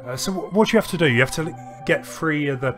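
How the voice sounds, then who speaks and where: This man's voice is fairly high, expressive and quick, heard over music. He co-hosts a game stream, chatting loosely as he plays, and his talk rambles with frequent false starts and laughs.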